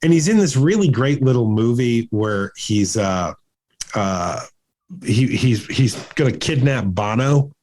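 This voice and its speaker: A man's voice: medium pitch, lively intonation, a little slow, darkish tone. A man co-hosting a casual movie podcast, talking in long rambling runs full of restarts and fillers. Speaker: podcast co-host. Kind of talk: casual chat.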